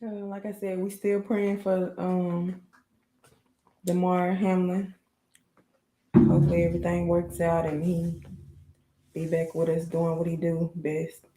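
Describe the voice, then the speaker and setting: A woman with a low, mellow voice speaks slowly and in a flat, hesitant way. She sits away from the mic in an echoey room, with faint noise behind her. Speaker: podcast co-host. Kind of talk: casual podcast chat.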